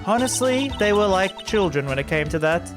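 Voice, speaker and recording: A composed, guarded young woman manager, read out by a man. The voice is fairly high for a man and moves up and down a lot, with game music playing clearly behind. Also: lively intonation, a little fast. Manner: reading game text aloud.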